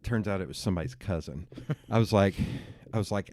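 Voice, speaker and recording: A man's voice: deep voice, fairly quick, a little mellow, no room sound, studio quality. A man with a Southern US accent, a podcast guest telling stories in casual political chat, with frequent filler sounds.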